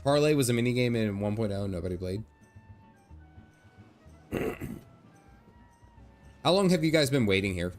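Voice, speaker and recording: Male gaming streamer, casual, lively rises and falls, quick to laugh. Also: medium pitch, faint music behind. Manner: chatty, laughs often, reads game text aloud. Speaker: gaming livestreamer. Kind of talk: casual game livestream chat.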